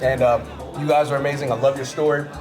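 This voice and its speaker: A man's voice: medium pitch, little pitch movement, quick pace, over music. A man hosting a food show, tasting dishes with exuberant, exclamatory, slangy commentary.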